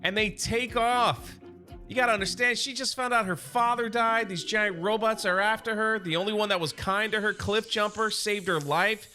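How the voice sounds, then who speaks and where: Excited high-voiced man recapping comics. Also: normal speed, soft background music. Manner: excited, chatty storyteller paraphrasing characters. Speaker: comic book recap YouTuber. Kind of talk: casual comic recap commentary.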